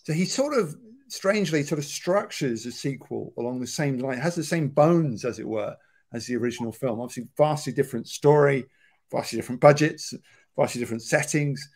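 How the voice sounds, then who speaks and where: A man's voice: mid-range voice, brisk, a little mellow. A man who writes about film, giving thoughtful, explanatory commentary on a movie over a remote video call.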